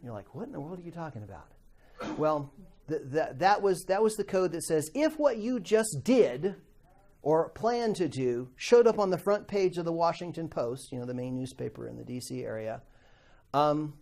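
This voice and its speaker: A man's voice: fairly high pitch, expressive, moderate pace, vocal fry, darkish tone. A middle-aged man teaching a Bible class in a conversational way, asking the class questions and acting out quoted voices.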